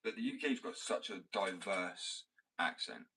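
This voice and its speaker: A man's voice: low-pitched, lively intonation, measured pace, noisy background. A man from Wales, rambling in casual chat, swearing and calling people bro.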